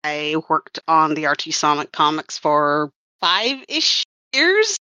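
A woman's voice: sits low, sing-song, slow pace, bright, forceful tone, no echo, highs cut off. A woman who worked as a comics writer and colorist, chatting casually on a podcast and rambling with wry self-corrections.

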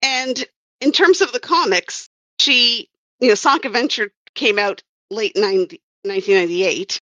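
A woman's voice: on the high side, moderate pace, a bit bright, no echo, highs cut off. A woman who worked as a comics writer and colorist, chatting casually on a podcast and rambling with wry self-corrections.

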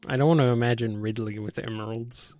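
A man's voice: mid-range voice, fairly even intonation, a little fast, darkish tone, no echo, studio quality. A man hosting a casual podcast, reading listener questions and laughing often. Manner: giggly, reads questions aloud, laughs often. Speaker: podcast host.

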